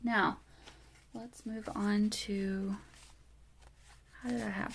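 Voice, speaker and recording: A woman talks in a slow, unhurried way while she works on a craft project, thinking aloud and often drifting off mid-thought. Her voice has a gravelly, creaky texture. A faint hiss sits under her words. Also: medium pitch, steady tone, a bit bright. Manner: musing, unhurried, trails off and laughs often. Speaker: craft vlogger. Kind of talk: casual talk while crafting.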